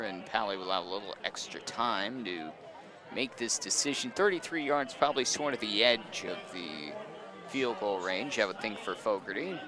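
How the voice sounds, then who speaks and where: Man, young, football play-by-play, excitable, outdoor booth, band music playing. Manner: excitable, jumps up in pitch on big plays. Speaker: play-by-play announcer. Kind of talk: local high school football commentary. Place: outdoor press booth at a stadium. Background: marching band music.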